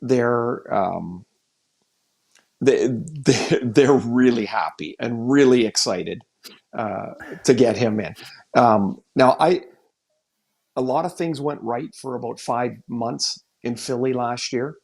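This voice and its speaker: A man with a gravelly, rough-edged voice at an ordinary pitch co-hosts a sports podcast. He thinks aloud in loose, candid chat and often restarts his sentences mid-thought. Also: takes it slowly, a little mellow. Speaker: podcast co-host and hockey analyst.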